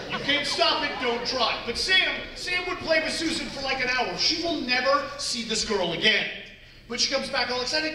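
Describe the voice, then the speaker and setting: On stage in a large, echoey hall, a man in his forties from Canada, a motivational speaker, jokes around with students and acts out small scenes. He has a very high, expressive voice at a moderate pace, recorded from a distant mic with noisy background.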